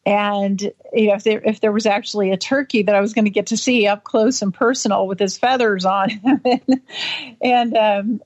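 Woman telling a story in halting bursts. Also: mid-range voice. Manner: halting, with many restarts and fillers; lively, acting out voices in quotes. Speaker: interview guest. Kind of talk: recounting a childhood memory. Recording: dull lo-fi audio.

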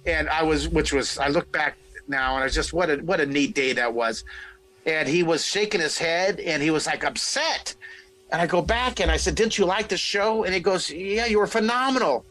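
A middle-aged man telling a story in a casual interview, animated, restarting sentences and acting out what people said. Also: on the high side, a little fast, rough recording. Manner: animated, lots of restarts, acts out quoted voices. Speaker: guest telling his career story.

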